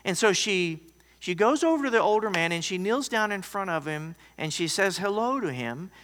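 Male pastor, sermon, bright ringing voice, fairly high, long hall reverb, loud-to-hushed storytelling. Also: lively intonation, normal speed.

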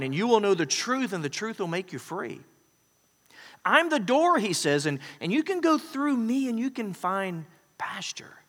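A man preaching a sermon as pastor, animated, acting out scenes and quotes as he goes. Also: on the high side. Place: large hall with long reverb. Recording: reverberant church hall.

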